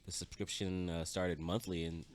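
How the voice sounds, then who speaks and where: A man, a podcast guest, chatting casually while gaming, pausing often with filler sounds. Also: low voice, slight background noise. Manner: relaxed, hesitant with many ums.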